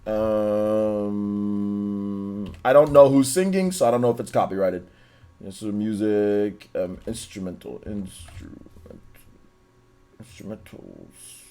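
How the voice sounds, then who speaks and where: Lively slangy young man streaming. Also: fairly low pitch, takes it slowly, long pauses. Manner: laid-back slangy banter, laughs often. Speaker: livestream host. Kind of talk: casual livestream chat reading donations.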